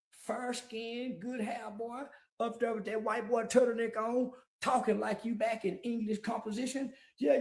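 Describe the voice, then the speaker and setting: High-voiced blunt man in a roomy space. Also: darkish tone. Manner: blunt, profane, lots of slang and repeated "yeah". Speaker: guest commentator. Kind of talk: casual street commentary.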